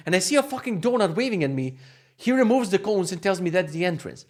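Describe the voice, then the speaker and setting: A young man telling a travel mishap story in a casual rant, exasperated and swearing, with animated bursts of frustration. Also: sits high, fast. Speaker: vlogger.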